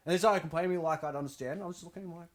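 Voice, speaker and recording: A man hosting a casual chat, telling animated stories and swearing freely. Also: a little high, rapid-fire. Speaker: host.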